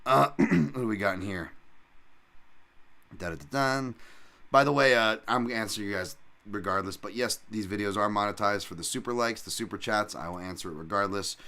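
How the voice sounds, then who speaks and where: A man with a fairly low voice hosts his own combat-sports podcast. He rambles through betting picks in casual, profane, self-mocking chatter. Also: fairly quick, creaky, sharp tone. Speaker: podcast host and fight analyst. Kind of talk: casual solo podcast talk.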